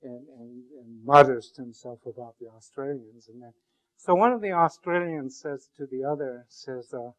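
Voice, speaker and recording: A male university lecturer giving a classroom lecture, rambling and joking with many halting restarts. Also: medium pitch, low-quality recording.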